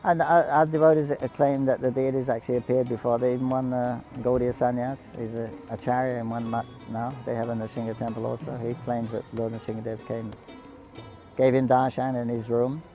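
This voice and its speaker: Male devotional storyteller, mellow low-toned delivery, halting and anecdotal, faint music bed. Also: flat delivery, rough recording. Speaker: devotee storyteller on a pilgrimage broadcast.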